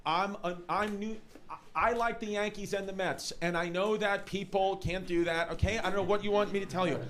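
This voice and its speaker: A man with a New York accent doing a rambling, animated stand-up set in a comedy club, shouting some punchlines. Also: high voice, normal speed. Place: comedy club with a laughing audience. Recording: live club recording with audience noise.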